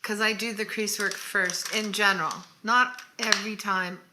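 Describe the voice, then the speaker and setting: A woman's voice: mid-range voice, steady tone, moderate pace, background noise. A woman co-hosting a casual makeup tutorial, chatting through each step as she works. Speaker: co-host of a makeup channel.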